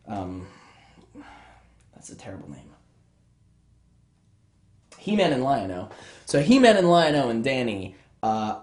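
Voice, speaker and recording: A man's voice: medium pitch, darkish tone. A young man recapping a children's horror book for laughs, rambling, sarcastic and swearing freely. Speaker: podcast host. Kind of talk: profane comedic book recap. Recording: roomy echo.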